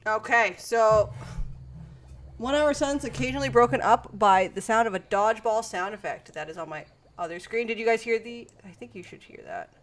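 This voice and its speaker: A woman streaming, chatting casually with her viewers and breaking off to yell at her cat. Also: fairly high pitch, normal speed. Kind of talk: casual live-stream chat. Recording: distant mic with noise.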